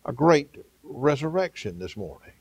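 A male pastor delivering a sermon, building to fervent exclamations and calling out amen and hallelujah, with frequent "uh" pauses. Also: medium pitch, sing-song, creaky, slightly rough, no room sound. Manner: preaching, rising to fervent exclamations with frequent "uh" fillers; calls out amen and hallelujah to the congregation.

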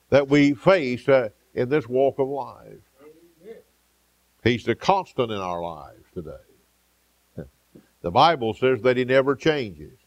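Gravelly preacher man. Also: medium pitch, no room sound. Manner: preaching with frequent "uh" fillers and repetition. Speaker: pastor. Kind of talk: sermon.

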